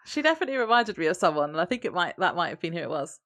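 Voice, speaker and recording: Giggly woman with a lowish voice. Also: very animated, racing, a bit bright, no room sound. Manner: giggly, laughs often between lines. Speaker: podcast co-host. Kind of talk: casual chat recapping a TV episode.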